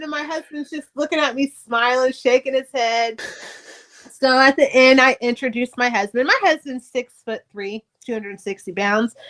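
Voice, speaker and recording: A middle-aged woman speaks with a slightly high-pitched voice. She recounts her past in a blunt, profane, animated way and acts out each exchange. It sounds like casual talk on a podcast. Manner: candid, profane, animated retelling. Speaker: podcast guest, author. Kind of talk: casual storytelling interview.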